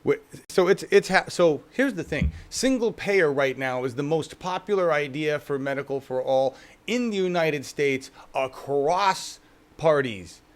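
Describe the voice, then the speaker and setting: A man's voice: fairly high pitch, lively intonation, measured pace. A man co-hosting a casual political talk show, profane and mocking, often acting out the people he talks about. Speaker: co-host.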